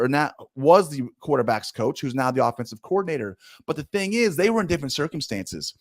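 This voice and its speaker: A man's voice: a little high, dry recording. A man giving emphatic, opinionated sports commentary straight to his audience, talking bluntly and with plenty of energy.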